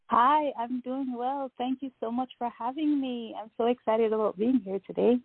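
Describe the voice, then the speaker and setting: A woman from Jamaica, a wellness coach, answering interview questions in a soft-spoken way. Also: a little high, moderate pace, creaky, breathy edge, no room sound, phone-quality sound.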